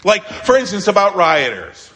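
A man preaching a sermon as pastor, emphatic, with dramatic pauses and sudden quiet asides. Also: sits high, huge pitch swings, long reverb tail.

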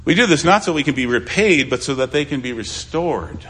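A man preaching a sermon as a pastor, pleading and swinging between loud appeals and hushed asides. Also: fairly high pitch, lively intonation, normal speed.

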